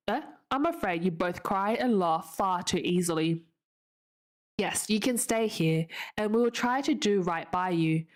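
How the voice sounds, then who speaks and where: A woman's voice: mid-range voice, natural voice. A woman voicing a stern, practical older spinster who speaks firmly and disapprovingly.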